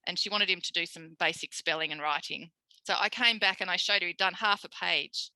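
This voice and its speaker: An Australian woman, a speech pathologist, giving a recorded tutorial lecture in a lively way, acting out quoted voices. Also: fairly low pitch, brisk, no room sound, rough recording. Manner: animated, acts out quoted voices.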